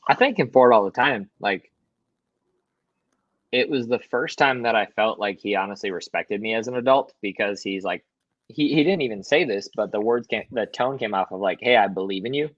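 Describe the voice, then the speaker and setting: A young man, a podcast guest, telling a personal story in a lively, swearing way and acting out quotes, in a hotel room. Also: lowish voice, normal speed, dry recording, highs cut off. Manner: animated, swears, acts out quotes. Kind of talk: casual storytelling.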